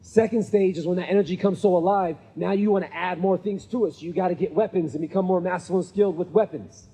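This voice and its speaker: A man with a fairly high, husky, mellow voice gives a quick-paced storytelling motivational talk at a men's gathering before a live audience in an event venue. He speaks casually, checks in with "right?" often and acts out each person in his stories. A long hall reverb colors the sound.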